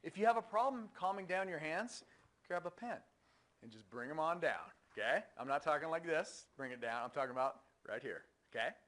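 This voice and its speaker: Bright-voiced male engineering lecturer. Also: on the high side, fairly quick. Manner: energetic, conversational, asks the room questions. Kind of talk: classroom lecture. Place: university lecture hall.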